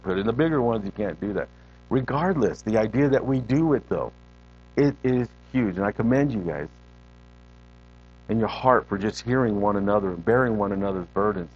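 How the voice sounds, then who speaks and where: A man preaching a sermon as a guest preacher in a church, animated and conversational, repeating words for emphasis and talking straight to the congregation. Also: fairly low pitch, normal speed, long pauses, muffled recording.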